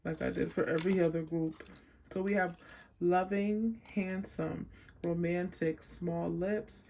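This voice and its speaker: A woman giving a casual pick-a-card tarot reading, chatty and unhurried as she lists card words one by one. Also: on the low side, steady tone, warm tone, slight background noise. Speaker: tarot reader.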